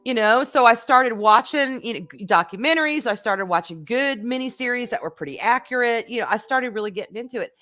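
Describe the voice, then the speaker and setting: A woman from Georgia hosting a casual chat, animated and quick to laugh, with easy swearing. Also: on the high side, soft background music. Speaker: streamer host. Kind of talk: casual chat while building.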